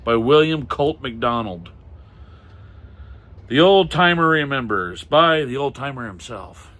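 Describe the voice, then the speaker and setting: A middle-aged man speaks at a measured pace, with medium pitch, lively intonation, and a slightly bright tone. As a comic and pulp collector, he chats through a casual show-and-tell of old pulp magazines, reading titles out and tossing in wry, muttered remarks.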